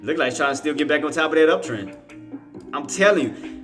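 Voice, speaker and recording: A man's voice: on the high side, animated, fairly quick, fairly bright tone, soft background music. A man giving casual, rambling live trading commentary, talking to himself, laughing often and using slang. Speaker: stock trading streamer.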